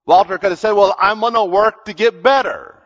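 A man's voice: high voice, a little fast. A man preaching a sermon as pastor, building emphasis and slipping into conversational asides. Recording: dull sound with long hall reverb.

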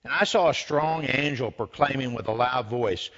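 A man's voice: medium pitch, normal speed, hardly any pauses, fairly bright tone, muffled recording. A man preaching a sermon, retelling scripture dramatically and building to fervent emphasis.

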